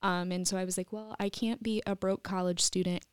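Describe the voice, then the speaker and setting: A woman guesting on a podcast in a home studio, chatting in a lively way with frequent laughter and no regional accent. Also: lowish voice, fairly quick, smooth, no echo. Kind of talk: casual interview chat.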